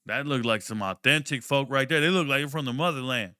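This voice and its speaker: A young man hosting a live draft watch party, chatting casually and telling stories in a slangy, profane, animated way with sudden loud outbursts. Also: mid-range voice, brisk, clear, resonant tone, no echo, studio quality. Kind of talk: casual live commentary and storytelling.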